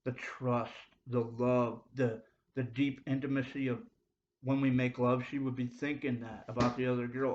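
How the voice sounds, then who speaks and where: A young man giving a casual, slangy preaching monologue, emphatic and at times loudly insistent. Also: mid-range voice, level tone, normal speed, slight background noise. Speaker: ministry video speaker. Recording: dull lo-fi audio.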